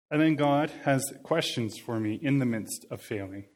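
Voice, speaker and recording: A man's voice: mid-range voice, a little fast, hardly any pauses. A man in his thirties giving a sermon, talking in an earnest, conversational way and often repeating his phrases. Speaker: preacher.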